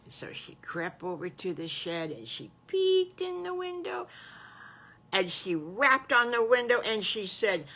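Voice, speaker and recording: An older woman, a great-grandmother, improvising a children's story in a gentle, folksy, homespun way. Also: fairly high pitch, sing-song, unhurried.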